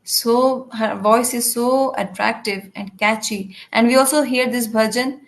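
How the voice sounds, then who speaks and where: Woman with a slightly high voice, live interpreter for a spiritual class, halting delivery with restarts. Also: creaky, rough recording. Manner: halting, with frequent restarts and fillers. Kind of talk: live translation of a devotional lecture.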